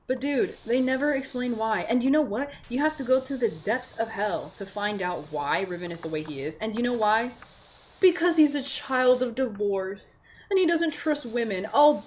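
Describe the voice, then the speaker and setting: A young woman vlogger with a fairly high voice plays a game at her desk while ranting casually and animatedly. She swears heavily and fills her speech with "like." There is slight background noise.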